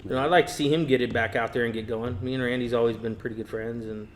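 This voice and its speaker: Casual podcast guest, male, animated storyteller. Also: medium pitch, fast, a little hiss or hum. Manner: animated storyteller, acts out quotes. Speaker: guest, race car builder. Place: podcast studio.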